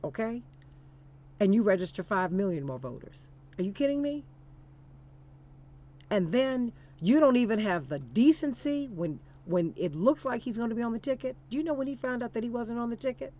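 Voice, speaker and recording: A woman's voice: fairly high pitch, animated, normal speed, warm tone, lo-fi sound. A woman hosting a political talk show, speaking with emphatic, preacher-like repetition and calling listeners "honey". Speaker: radio talk show host.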